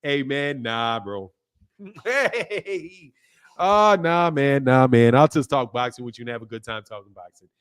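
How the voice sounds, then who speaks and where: A man's voice: mid-range voice, a little slow, clear, resonant tone. A man hosting a casual livestream, reading viewer comments aloud and answering them bluntly, swearing and laughing often. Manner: blunt, profane, laughs often, animated asides. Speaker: boxing channel host.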